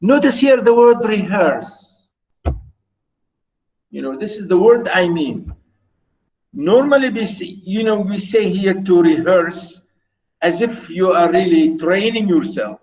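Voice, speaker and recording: A man with a high voice teaches a poem at an unhurried pace. He explains each line patiently, repeats "you know" often, and leans hard on the words that matter. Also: lively intonation, a little mellow, poor audio. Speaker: literature teacher.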